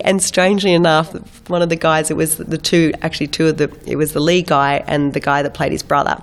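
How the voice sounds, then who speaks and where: Low-voiced woman telling stories. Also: fairly quick, hardly any pauses. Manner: animated, laughing, many restarts. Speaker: actor guest. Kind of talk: casual interview storytelling.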